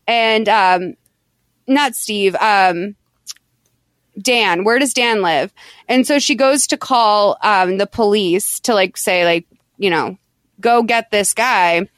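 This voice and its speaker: A woman hosting a podcast, chatting casually as she retells a movie plot in an animated way. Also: mid-range voice, slow pace, no room sound. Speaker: podcast host. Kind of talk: casual chat recapping a movie.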